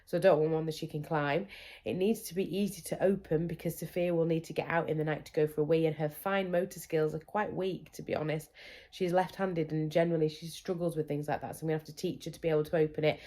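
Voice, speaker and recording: A woman's voice: low-pitched, fairly even intonation, quick pace, mellow. A woman in her thirties chatting candidly to camera about her children's sleep, often acting out what they said. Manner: chatty, candid, acts out her kids' voices. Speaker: parenting vlogger. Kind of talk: casual chat to camera.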